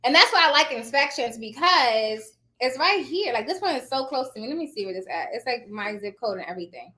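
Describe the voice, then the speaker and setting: A woman's voice: high voice, expressive, fairly quick, bright, forceful tone. A woman in her thirties chatting casually to her viewers, telling stories and calling them y'all. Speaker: notary signing agent vlogger.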